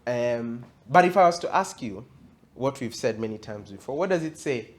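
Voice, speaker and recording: A man's voice: mid-range voice, lively intonation, normal speed. A male pastor giving an interactive Bible teaching, reading scripture aloud and quizzing his audience in a conversational way that rises to emphatic.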